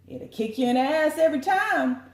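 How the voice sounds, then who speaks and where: Woman tarot reader, lively, preachy and joking, in a roomy echo. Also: sits high, a little fast. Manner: animated, preachy, joking, profane. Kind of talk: tarot card reading.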